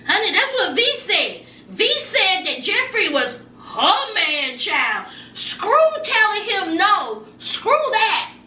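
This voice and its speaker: A woman recapping a reality show episode in an animated, dramatic, gossipy way, recorded a little away from the mic in an echoey room. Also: very high-pitched, takes it slowly, few pauses, recorded from a distance, slight background noise. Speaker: reality TV reviewer.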